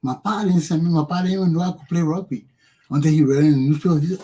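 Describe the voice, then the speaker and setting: A man with a Liberian English accent hosting a talk show, telling profane personal stories with animated, laughing delivery. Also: on the high side, quick pace, slightly rough. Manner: animated, profane, laughs often, acts out quotes loudly. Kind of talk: casual storytelling monologue.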